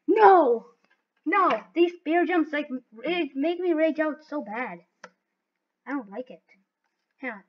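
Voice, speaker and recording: A woman giving live gameplay commentary, excitable and talking to herself as she plays. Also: high-pitched, measured pace, pauses often. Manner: excitable, talks to herself while playing. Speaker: gaming video host. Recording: dull lo-fi recording.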